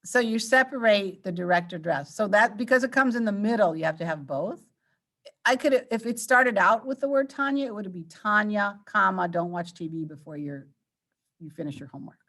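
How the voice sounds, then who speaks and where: A woman's voice: mid-range voice, normal speed, fairly bright tone. A woman teacher leading an online grammar lesson, patiently quizzing her students and walking them through each answer. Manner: patient, coaxing questions to students.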